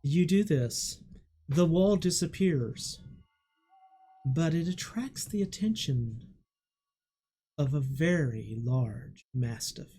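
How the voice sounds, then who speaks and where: A game master narrating a tabletop role-playing game with slow, deliberate storytelling. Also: mid-range voice, lively intonation, dark tone, husky, soft background music.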